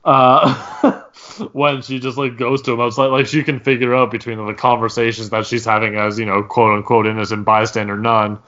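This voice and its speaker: A man's voice: medium pitch, flat delivery, moderate pace, bright, forceful tone, highs cut off. A man co-hosting a podcast in a laid-back, joking way, laughing at his own lines. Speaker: podcast co-host. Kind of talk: casual chat.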